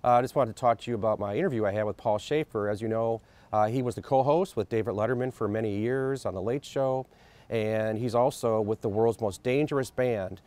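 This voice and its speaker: A man's voice: fairly low pitch, fairly quick, darkish tone. A man, an entertainment editor, giving a chatty, playful update.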